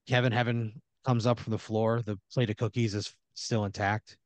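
A man improvising a comedy story on a podcast, halting with fillers and restarts and slipping into quick character voices. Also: on the low side, little pitch movement, no echo. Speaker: podcast host telling an improvised scenario.

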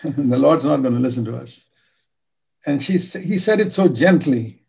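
Earnest older man preaching, gravelly. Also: mid-range voice, animated, normal speed, mellow, highs cut off. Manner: earnest, emphatic, repeats key words. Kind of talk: sermon.

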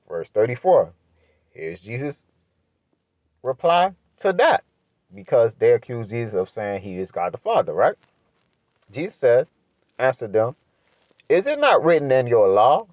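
A man's voice: darkish tone, no room sound, lo-fi sound. Emphatic man preaching on scripture. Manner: emphatic, rises sharply in pitch when pressing a point; asks rhetorical questions, adds "right?". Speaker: Bible teacher. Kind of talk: preaching Bible study.

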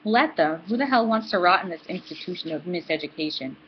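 A woman's voice: lowish voice, lively intonation, fairly quick, slight background noise, lightly acted. A woman reading aloud as a brash young college woman who talks bluntly and swears freely, on a dull, lo-fi recording. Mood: taunting. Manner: blunt and profane.

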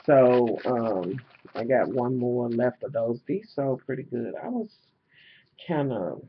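This jewelry-selling vlogger talks to camera from home in a slow but animated, slightly rough medium-pitched voice. His tone is exasperated and casual, full of swearing and fillers, and the indoor camera-mic sound is dull and lo-fi.

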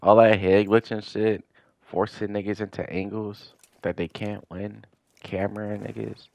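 A man's voice: lowish voice, level tone, unhurried, vocal fry, a little mellow, a little hiss or hum. A young man giving profane gameplay commentary, ranting in exasperation about how his opponents play. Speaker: gaming commentator.

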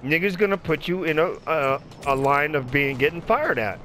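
Man chatting while gaming, profane storyteller, high lively voice, faint background hiss. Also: normal speed. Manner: profane, animated storytelling, acts out other people's voices. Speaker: gamer chatting while playing. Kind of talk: casual chat over gameplay.

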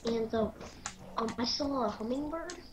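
A woman with a slightly high voice teases her friend as they play a game. She keeps her tone light and playful. Clear noise runs behind her voice. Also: moderate pace. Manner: teasing and playful. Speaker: Roblox player. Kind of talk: casual gameplay chat. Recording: noisy background.

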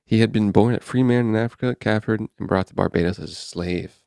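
A man's voice: fairly low pitch, a little fast, vocal fry, dark tone, smooth, no room sound, studio quality. A man hosting a podcast, chatting offhand and wry while reading headlines aloud and riffing on them. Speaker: podcast host. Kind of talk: casual podcast chat, reading news aloud.

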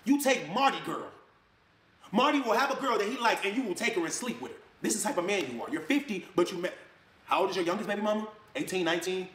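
A man ranting to camera in a fired-up way, swinging between loud jabs and low mutters. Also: animated, fast talker. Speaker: online video creator. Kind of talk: heated rant to camera. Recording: echoey room.

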